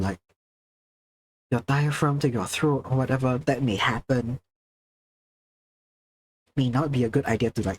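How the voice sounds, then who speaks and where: A man's voice: mid-range voice, a little hiss or hum. A young man from Singapore with a Singaporean accent, chatting casually on a livestream with careful, precise enunciation and a projected presenter's delivery. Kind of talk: casual chat while drawing, answering chat.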